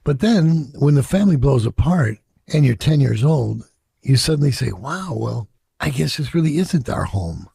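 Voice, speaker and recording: Being interviewed, a reflective older Chicagoan recounts his past with profanity and acted-out voices of the people he quotes. His husky, deeply gravelly voice is dark and mellow, expressive at a normal pace, and the close, dry recording has no echo or room.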